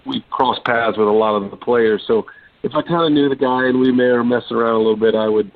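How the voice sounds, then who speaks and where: A man in his forties from Texas, a sports broadcaster telling his story in a relaxed interview with lots of ums and restarts. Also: medium pitch, a little fast, no echo. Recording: dry, tinny phone-line sound.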